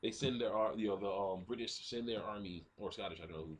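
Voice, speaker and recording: Husky guy rambling about a movie, tons of like and you know, keeps clearing his throat. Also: on the low side, fast talker. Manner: rambling, many fillers, clears throat often. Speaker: ministry video host. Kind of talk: casual movie retelling.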